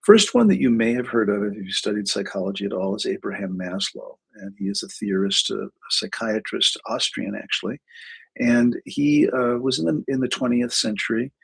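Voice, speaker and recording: A man's voice: fairly low pitch, expressive, normal speed, vocal fry, breathy edge, poor audio. A man hosting a live talk on psychology as a clinician. He is chatty and digressive, and he jokes at his own expense.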